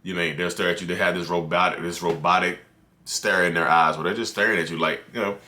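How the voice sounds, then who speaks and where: Talk straight into the camera as a man with a very low but bright, forceful voice. Keep it loose and conversational, with plenty of fillers and restarts. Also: fairly even intonation, fast talker. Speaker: mental health content creator.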